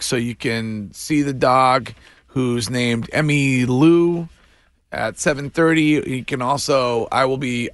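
A man's voice: mid-range voice, no room sound. Brief: male radio host, dry close mic, upbeat ad reads. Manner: animated, quick to laugh. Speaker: radio morning show host. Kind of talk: radio talk and live ad reads.

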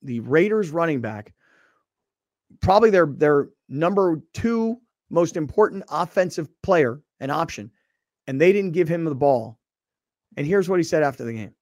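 A man's voice: on the high side, lively intonation, moderate pace, a little mellow, no room sound. A man hosting a sports talk show, opinionated and emphatic in casual chat.

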